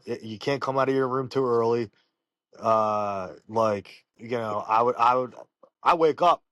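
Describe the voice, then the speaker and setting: A man, a professional fighter, telling personal stories in an interview, halting and full of fillers and restarts. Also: mid-range voice, a bit bright, dry recording. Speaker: professional fighter, podcast guest. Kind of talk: casual interview storytelling.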